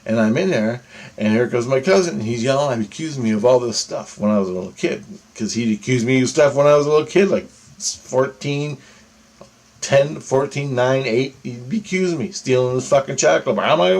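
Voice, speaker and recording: A young man with a voice of average pitch talks his way through a dream in a loose, rambling monologue. He swears constantly and keeps checking in with "right?" and "okay?" as he goes. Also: fairly quick, darkish tone. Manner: heavy cursing, rambling, repeats "right?" and "okay?". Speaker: vlogger. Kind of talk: casual monologue recounting a dream.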